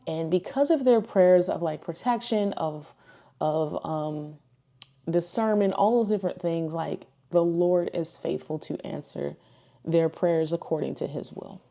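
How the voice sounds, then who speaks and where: Woman, 30s, casual personal testimony, chatty storytelling, warm low voice. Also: a little slow, gravelly. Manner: chatty, full of "like" and "you know", acts out quoted dialogue. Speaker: ministry speaker.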